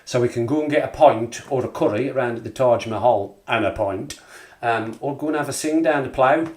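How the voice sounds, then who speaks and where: A man's voice: mid-range voice, a little fast. A man with a Black Country accent hosting a casual live stream, chatting and joking as he reads out viewers' messages. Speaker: livestream host. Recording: echoey room.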